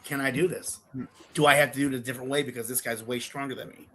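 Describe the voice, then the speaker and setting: This middle-aged man, a pro wrestler and ex-wrestling coach appearing as a podcast guest, speaks quickly in a mid-range voice that is bright and forceful, with fairly even intonation. He talks casually, telling foul-mouthed stories and performing the voices of people he quotes, on a low-quality recording with slight background noise.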